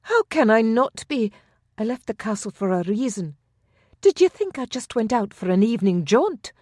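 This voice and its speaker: A woman voicing a fiery young noblewoman, defiant, sharp and scornful. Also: a little high, very animated, normal speed, no room sound, clean studio sound, voice pushed up. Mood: indignant.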